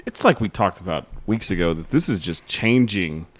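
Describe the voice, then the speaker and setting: A man co-hosts a casual podcast in a mid-pitched voice that swings widely in tone. He talks in animated bursts and often restarts his words. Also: normal speed. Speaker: podcast co-host. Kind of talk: casual chat.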